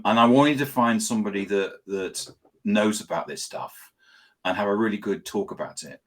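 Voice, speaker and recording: A man with a low voice hosts an interview show in an easygoing way. He hesitates often, restarting sentences and filling pauses with ums. He slips in the odd bit of dry sarcasm. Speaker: host. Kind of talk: casual interview chat.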